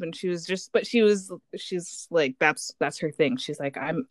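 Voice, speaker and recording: A woman's voice: deep voice, moderate pace, no echo. A woman in her thirties who grew up in Canada, chatting casually as a podcast co-host and telling stories animatedly. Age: 30s. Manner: animated storytelling, acts out quoted voices, laughs often. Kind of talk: casual chat.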